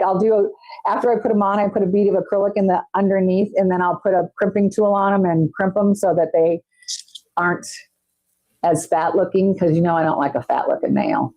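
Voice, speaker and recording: A woman's voice: mid-range voice, mellow, dry recording, dull audio. A woman chatting casually with her viewers on a live stream while doing her nails, teasing them as she works, on a wireless mic. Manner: chatty, teasing, talks to chat while working. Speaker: nail artist streamer.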